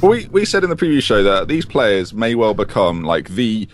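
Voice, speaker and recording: A man's voice: lowish voice, moderate pace, a little hiss or hum. A man co-hosting a podcast, chatting casually and jokily about football. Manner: animated, jokey, rambling. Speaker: podcast co-host.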